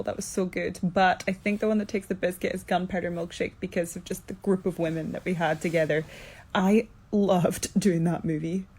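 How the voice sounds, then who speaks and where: Alone in a quarantine room, a Scottish woman with a Scottish accent answers fan questions in a casual Q&A to her phone camera, self-recorded. She is chatty but sounds sleepy, tired, and low on energy.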